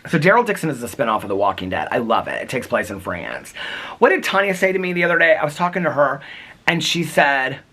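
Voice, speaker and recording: A man vlogging on his front porch, telling a rambling story in a chatty, casual way with quick asides. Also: medium pitch, very animated, pushed and bright.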